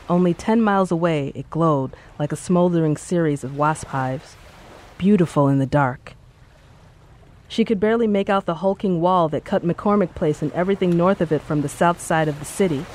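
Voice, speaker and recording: An audiobook narrator reading a story in a measured, steady way. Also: medium pitch. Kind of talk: scripted narration.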